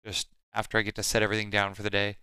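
A man's voice: fairly low pitch, completely flat delivery, rapid-fire, sharp tone, clear, resonant tone, dry recording, low-quality recording. A man co-hosting a live stream, chatting casually with playful, rambling asides. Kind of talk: casual chat.

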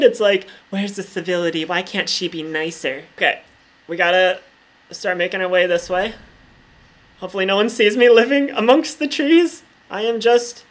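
A woman talking casually over her own gameplay as a vlogger, full of "like" fillers and freely swearing. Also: a little high. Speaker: gaming vlogger.

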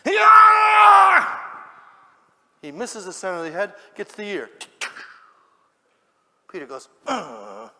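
A man preaching a sermon, telling the story dramatically and swinging from hushed lines to shouts. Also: high-pitched, animated, moderate pace, long pauses, big-room sound, a crowd in the background, background noise.

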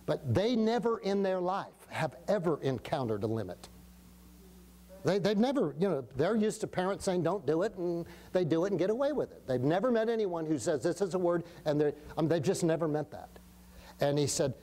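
An older man preaching a sermon as pastor, telling stories in a folksy, animated way, acting out the quotes and chuckling often. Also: fairly high pitch, moderate pace. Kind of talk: sermon storytelling. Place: church sanctuary.

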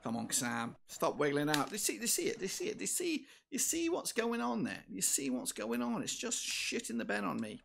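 A man with a very gravelly, creaky voice that leaps all over the place, commentating his football game as he plays. He drops to low mutters, then bursts into loud, sweary shouts. There is a faint hiss behind him. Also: wildly swooping pitch, normal speed, few pauses. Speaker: gaming channel host. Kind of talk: live gameplay commentary.

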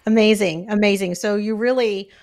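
A woman's voice: medium pitch, fairly even intonation, normal speed, darkish tone. A woman hosting a talk show, asking questions in an enthusiastic, effusive way and often rephrasing them as she goes. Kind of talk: interview questions.

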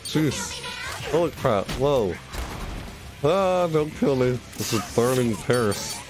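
A man's voice: mid-range voice, slow pace, over music. A man streaming a shooter game, talking to himself in casual commentary with frequent startled yelps and groans. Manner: excitable, yelps and self-talk.

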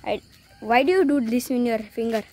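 A woman's voice: fairly high pitch, normal speed, warm tone. A woman vlogger, chatting casually to viewers and to her animals at home. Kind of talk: casual vlog narration.

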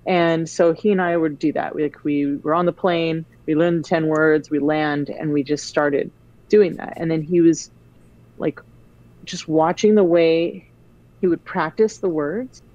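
A woman with a low voice chats casually, rambling through stories with plenty of "like" and restarts. Her audio sounds a little dull and lo-fi, like a call recording. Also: a little slow. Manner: rambling, animated storyteller. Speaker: guest. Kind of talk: casual chat.

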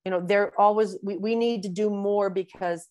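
A woman in her sixties, a physician being interviewed in a webinar, explaining at length in a warm, rambling way with many fillers. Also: medium pitch, fairly even intonation, moderate pace, dry recording. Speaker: breast cancer physician, guest.

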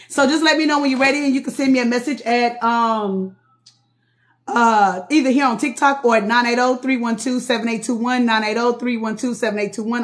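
High-voiced woman tarot reader. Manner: casual, laughing, chatty with viewers. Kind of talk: live-stream tarot reading.

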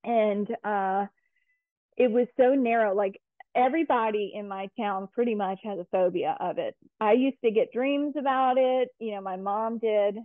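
A woman talks as a guest in a relaxed interview, rambling a little with plenty of fillers and restarts. Her voice comes through a thin, phone-like line with no room echo, and her pitch is average. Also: normal speed. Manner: chatty, lots of fillers and restarts. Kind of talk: casual conversational interview.

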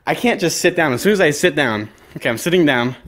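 A man's voice: fairly high pitch, lively intonation, fast, fairly bright tone. A young man making prank phone calls, rambling and swearing, breathless from walking around while he talks. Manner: rambling, breathless, swearing, laughing between asides. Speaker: prank caller and video host. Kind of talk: casual phone prank chat. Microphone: phone on speaker held while walking.

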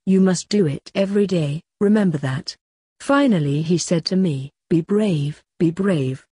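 A woman reading a gentle guardian angel. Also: fairly low pitch, a little slow, breathy edge, dry recording. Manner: soft, admonishing and consoling.

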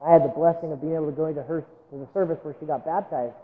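A man's voice: fairly high pitch, fairly even intonation, rapid-fire. A man preaching a sermon as a missionary, telling a story in an earnest, emotional way and often repeating words when moved. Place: church sanctuary. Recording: tinny phone-like sound with long hall reverb.

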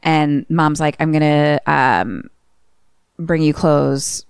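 Low-voiced woman, animated retelling. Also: slow, creaky, smooth, no room sound, clean studio sound. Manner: animated retelling, acting out characters' lines. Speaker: podcast co-host retelling a film. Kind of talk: casual chat.

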